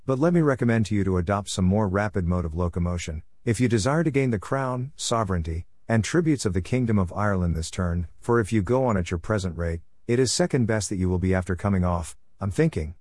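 A man's voice: lowish voice, animated, fast talker, few pauses, darkish tone, no room sound. A man doing a sly, mock-polite churl. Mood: teasing. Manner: wordy, mock-polite and teasing. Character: sly, easygoing churl in a big coat.

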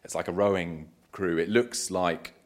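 Low-voiced male interviewer. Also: moderate pace. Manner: long, wandering questions with many restarts. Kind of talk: live event interview.

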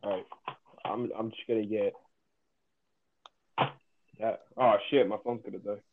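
A man chatting casually on a podcast call, cursing often and quick to get frustrated and rant. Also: lowish voice, fairly even intonation, slight background noise. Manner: cursing, easily frustrated, ranting. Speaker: podcast co-host. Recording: tinny phone-like line.

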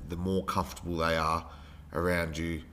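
A man with a very deep voice hosts a casual podcast. He talks in a loose, rambling way and often stops to hunt for the right word. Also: normal speed, a little hiss or hum. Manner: relaxed, rambling, searches for words. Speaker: podcast host, teacher.

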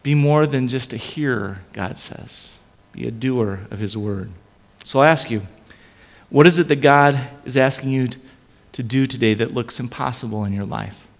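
A man's voice: medium pitch, moderate pace, gravelly. Man, pastor, conversational sermon, repeats phrases, reverberant sound.

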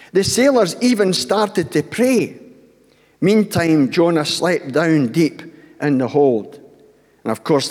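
An older man preaching, his voice slightly breathy and a touch higher than most men's. He tells the story with lively acted-out voices and turns to the congregation with questions. The sound carries a long reverb. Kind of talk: sermon.

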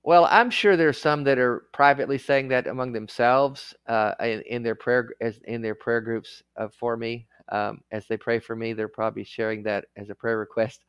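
Male guest, former clergy. Smooth, clear tone, dry close sound; earnest, emotional, laughs through his words. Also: mid-range voice, fairly even intonation, normal speed, few pauses, fairly bright tone, dry recording. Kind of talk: candid conversational interview.

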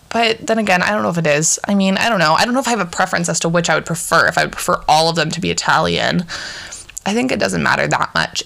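A woman's voice: lowish voice, creaky, a bit bright. A young woman hosting a podcast alone, chatting casually in a rambling, profane way with many fillers and restarts. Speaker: podcast co-host. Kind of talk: casual solo podcast chat.

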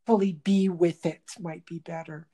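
A woman's voice: lowish voice, steady tone, moderate pace, dark tone, husky. A woman workshop teacher talking in a reflective interview, thoughtful and searching for words, often restarting.

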